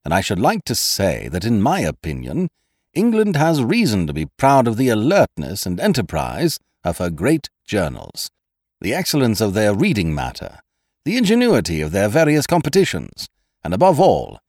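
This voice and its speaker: A man's voice: lowish voice, huge pitch swings, moderate pace, darkish tone, dry recording, studio quality, exaggerated voice. A man voicing a stiffly formal young male patient who talks in an odd, precise way. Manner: precise, stiff, pompous speech. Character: prim, oddly formal young male invalid.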